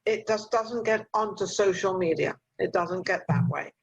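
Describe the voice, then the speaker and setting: Husky woman host on a muffled call. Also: medium pitch, normal speed. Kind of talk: chatty mentoring interview. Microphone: video call.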